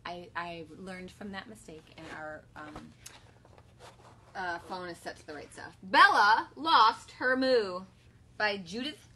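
A woman in her thirties, a kindergarten teacher and mother, reading a picture book aloud to her class while firmly keeping her children quiet. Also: mid-range voice, slow, slight background noise. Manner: animated read-aloud, firm with her children.

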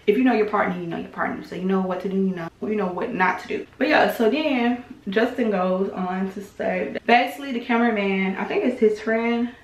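A young woman recaps online gossip in a loose, chatty way. She leans on "like" and "you know" and stops to hedge her claims. Her mid-pitched voice bounces around an echoey room. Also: brisk, hardly any pauses. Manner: chatty, filler-heavy, hedging with "allegedly". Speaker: vlogger recapping online drama. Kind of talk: casual gossip commentary.

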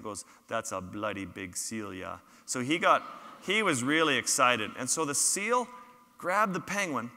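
A man's voice: medium pitch, bright, forceful tone. A photographer giving a public talk, telling his field stories with humorous, self-deprecating asides. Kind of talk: storytelling lecture with slides. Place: large lecture hall. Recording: reverberant lecture hall.

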